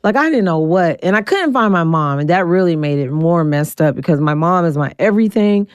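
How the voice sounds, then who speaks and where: A woman in her forties, a guest telling her story bluntly and acting out the quoted voices with big jumps in pitch. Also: lively intonation, a little fast, smooth, no room sound, studio quality. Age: 40s. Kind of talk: candid storytelling interview.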